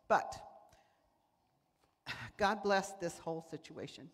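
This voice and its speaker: Woman preacher, lively storytelling sermon, recorded in an echoing sanctuary. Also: fairly low pitch, slow, pauses often. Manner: animated, acts out voices in quotes. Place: church sanctuary. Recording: church hall reverb.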